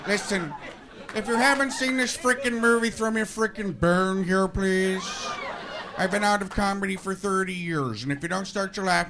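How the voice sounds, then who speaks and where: Male stand-up doing a smug, menacing villain in a noisy club. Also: high-pitched. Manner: smug, deadpan menace, mock-threatening. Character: smug bald male movie supervillain with a pet cat. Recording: live club, loud crowd and noise.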